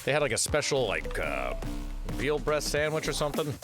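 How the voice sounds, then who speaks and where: A man's voice: very animated, moderate pace, music in the background. A young man hosting a casual food show, rambling and swearing freely as he reads out a list. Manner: rambling, loose and profane, big jumps in pitch on words read out. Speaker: host. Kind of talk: casual chat.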